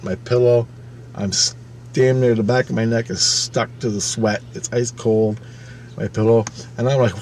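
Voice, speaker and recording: A man's voice: mid-range voice, a little mellow, slight background noise. A man in his fifties telling a personal story to camera. He speaks casually and emphatically, swears often, and repeats phrases as he goes. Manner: profane, emphatic, halting retelling with repeated phrases. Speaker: channel host.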